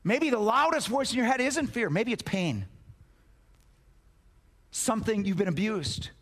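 Impassioned high-voiced male preacher. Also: lively intonation, measured pace. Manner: impassioned, repeats words for emphasis, swings from loud to hushed. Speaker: pastor. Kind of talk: sermon.

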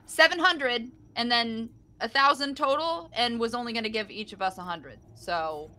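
A woman's voice: fairly high pitch, normal speed, pushed and bright. A woman playing a tabletop game, asking questions and working things out aloud. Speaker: player. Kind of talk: casual game chat.

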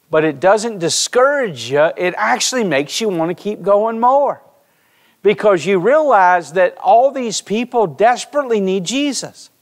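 A man preaching a sermon in a church, telling stories and speaking directly to his congregation. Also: sits high. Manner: storytelling preacher, animated, addresses congregation directly. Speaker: pastor. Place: church sanctuary.

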